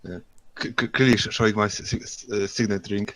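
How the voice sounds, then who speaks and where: A man's voice: lowish voice, steady tone, fairly quick, fairly bright tone, no echo, poor audio. A man playing a tabletop game who speaks with a heavy stammer, repeating first sounds. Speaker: player.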